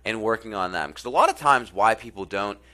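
A man talks about self-improvement in a casual, earnest way. His low-pitched voice is bright and forceful. He often repeats phrases and drops in fillers as he retells a story. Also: animated, fairly quick. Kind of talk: casual spoken talk and storytelling.

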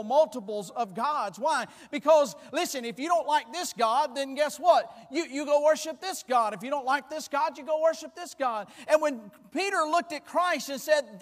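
A man preaching a fervent sermon, repeating words and swinging between loud declarations and hushed asides. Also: very high-pitched, long reverb tail.

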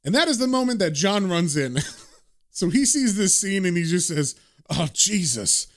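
A man casually retelling a comic book story, animated and relishing the gory scenes. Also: high-pitched, normal speed.

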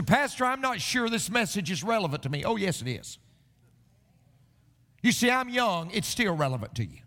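A man preaching a sermon as a pastor, telling jokes and reading scripture, with the odd stammered restart. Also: sits high. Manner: storytelling preacher mixing jokes with scripture, animated delivery. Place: church sanctuary. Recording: long hall reverb.

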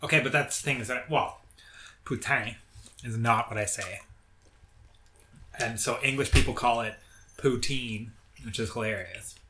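A man's voice: mid-range voice, moderate pace, pauses often, pushed and bright, roomy sound, slight background noise. A man in casual chat, blunt and opinionated, who swears freely.

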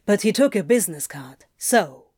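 A woman voicing a smarmy male salesman, speaking lower and slyly. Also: lively intonation, moderate pace, a little mellow, slightly rough, dry recording, studio quality. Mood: schmoozing.

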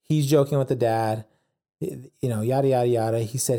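Very dark-voiced man rambling a story. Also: medium pitch, steady tone, fairly quick. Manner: rambling, many fillers like "like" and "yada yada". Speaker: storyteller recapping a documentary. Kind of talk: casual chat.

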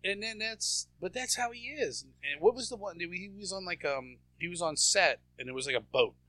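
A man co-hosting a casual podcast with a bright, fairly high voice. He tells crude, mocking stories. The sound is dry and close. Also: lively intonation, moderate pace, dry recording. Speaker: podcast co-host. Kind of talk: casual chat.

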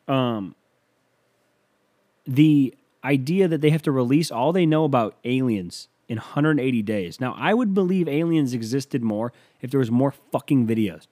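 A man's voice: mid-range voice, expressive, a little slow, warm tone. Man with a profane, rambling delivery. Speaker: podcast host. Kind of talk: comedic solo podcast monologue.

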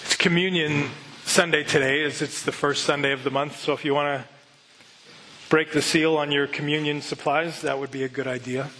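A man's voice: a little high, fairly even intonation, normal speed, background noise. A male pastor preaching a sermon, telling the story earnestly and asking rhetorical questions.

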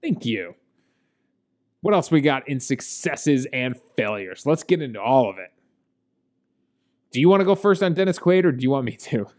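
A man's voice: mid-range voice, sing-song, moderate pace, long pauses, a little mellow. A man co-hosting a podcast, chatting casually about a movie with lots of fillers and laughs. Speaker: podcast co-host. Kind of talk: casual movie review chat.

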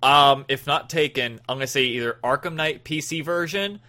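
A man's voice: on the high side, moderate pace. A man hosting a casual gaming podcast, rambling and joking as he introduces topics. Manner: rambling, jokey, animated. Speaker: podcast host.

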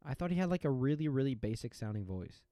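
A podcast co-host chats casually, leaning on "like" and breaking into laughter. The pitch moves in lively swings. The sound is dry and close to the mic. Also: fast, no echo. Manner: chatty, hedging with "like", breaks into laughter. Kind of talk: casual chat.

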